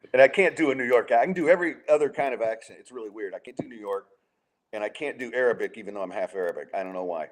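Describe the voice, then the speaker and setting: A man's voice: fairly low pitch, racing. Guy hosting a sports podcast, easygoing, chatty, tosses questions to his guest. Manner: conversational, asks open questions. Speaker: podcast host. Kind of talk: casual sports chat.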